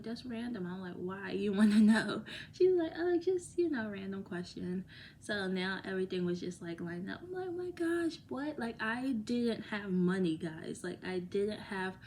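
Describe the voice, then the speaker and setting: A woman's voice: medium pitch, darkish tone, a little hiss or hum. A woman talking casually to her viewers in a rambling vlog, laughing often and sometimes dropping to a whisper. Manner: drops to a whisper at times. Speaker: vlogger. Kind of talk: casual chat to camera.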